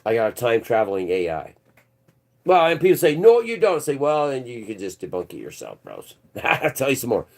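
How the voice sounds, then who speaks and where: A man's voice: medium pitch, sing-song, brisk, gravelly. A man hosting a livestream, rambling through conspiratorial commentary and calling his viewers "bro". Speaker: channel host. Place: indoors.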